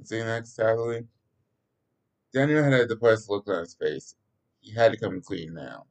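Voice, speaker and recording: A man's voice: lowish voice, expressive, moderate pace, creaky, a little mellow, poor audio. A man narrating a story aloud in a homemade reading, stumbling and restarting now and then. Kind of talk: amateur read-aloud narration.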